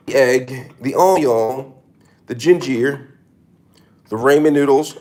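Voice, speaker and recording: A man's voice: medium pitch, slow, long pauses, darkish tone. Hammy man cooking on camera. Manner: mock-serious, hammy, repeats catchphrases. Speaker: cooking vlogger. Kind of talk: casual cooking demo to camera. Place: home kitchen.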